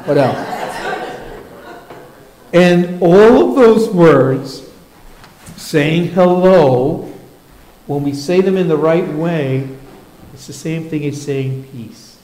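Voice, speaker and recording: A man leading a children's moment in a church service as pastor, playful and coaxing as he talks with the kids. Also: on the high side. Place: church sanctuary. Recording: echoey church sanctuary.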